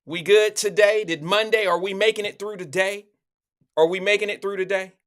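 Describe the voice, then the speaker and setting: A man's voice: high voice, steady tone, normal speed, a bit bright. A man hosting a live online show, chatting loosely and repeating himself as he talks straight to viewers on his own microphone. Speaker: livestream show host. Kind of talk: casual live-stream chat.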